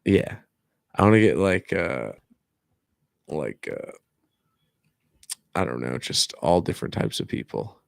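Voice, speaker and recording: A young man with a low, gravelly voice hosts a podcast in easygoing chat. He is laid-back, laughs often and leans on "like" and "dude". The sound is dry and close. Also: big pitch swings, takes it slowly, long pauses, no echo. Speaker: podcast host. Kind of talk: casual chat.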